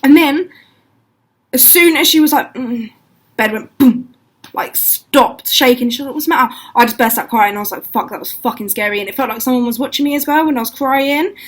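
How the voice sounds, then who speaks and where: A woman's voice: sits high, fairly quick, rough recording. A young woman telling ghost stories to camera in casual, swear-filled chat, acting out what people said. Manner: swears a lot, acts out quotes, animated.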